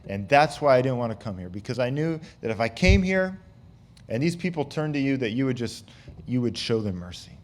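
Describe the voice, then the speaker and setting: A man's voice: medium pitch, big pitch swings, brisk, close to an everyday voice. A man paraphrasing an angry prophet who rants bitterly to God in his sermon. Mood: resentful. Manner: bitter, self-pitying ranting. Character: resentful, angry male prophet complaining to God.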